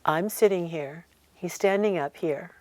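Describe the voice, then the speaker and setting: An older woman telling an animated, emphatic story in a low-pitched, dry voice. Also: measured pace, no room sound. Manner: animated, emphatic storyteller who acts out quotes. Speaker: interview guest. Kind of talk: conversational storytelling interview.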